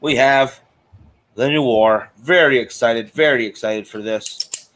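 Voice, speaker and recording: Male host for a live cigar chat show; relaxed, talkative, mid-range voice. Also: mid-range voice, unhurried. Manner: chatty, greets viewers by name, frequent fillers. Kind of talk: casual live-stream chat.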